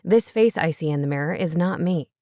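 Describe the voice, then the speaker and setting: A woman's voice: low-pitched, brisk, mellow, dry recording, clean studio sound. A woman voicing a bitter, angry young man in a storybook reading.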